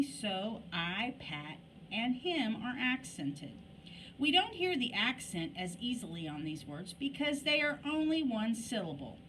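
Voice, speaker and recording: An elementary school teacher with a fairly high voice leads a phonics lesson for young children, patiently asking them questions and stretching out words in an exaggerated way to demonstrate them. She is recorded from a distance, with a little hiss or hum.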